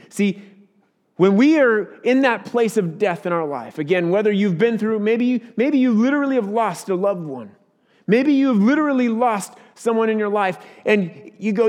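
A man preaching a sermon as a pastor, earnest and swelling louder at key points. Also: high voice, lively intonation, moderate pace, big-room sound.

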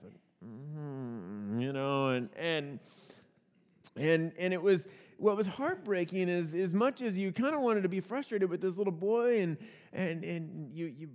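A pastor giving a conversational sermon full of personal stories, with a folksy, storytelling manner and frequent restarts and repeated words. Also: male voice, high voice, darkish tone, big-room sound.

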